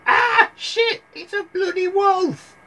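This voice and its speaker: A man voicing a crude, crotchety sick old grandmother in a comic storybook retelling, in a shrill put-on voice. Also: slow pace, sharp tone, full character voice, poor audio. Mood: alarmed.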